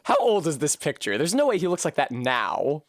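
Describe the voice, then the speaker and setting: Animated, foul-mouthed male game streamer. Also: fairly high pitch, moderate pace, no echo, studio quality. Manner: animated, swears freely, bursts of laughter. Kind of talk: live gameplay commentary.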